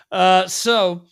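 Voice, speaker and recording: Male host, loose rambling chatter, lots of ums, somewhat higher voice. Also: gravelly, clear, resonant tone. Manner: rambling, laughs often, many fillers. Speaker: podcast host. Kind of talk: casual chat. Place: lives in Spain.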